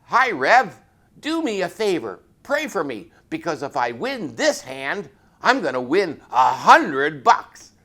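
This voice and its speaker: A man putting on a loud, cocky police sergeant. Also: fairly high pitch, big pitch swings, slow, pitched above the performer's own voice, exaggerated voice. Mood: cocky joking. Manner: loud, boastful, bargaining. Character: brash jovial male police sergeant gambler.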